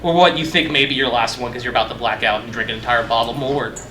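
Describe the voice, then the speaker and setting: A man's voice: mid-range voice, steady tone, racing, background noise. A young man giving a casual conference talk, loose and profane, joking at his own expense. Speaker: conference speaker. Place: conference hall. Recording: echoey conference room.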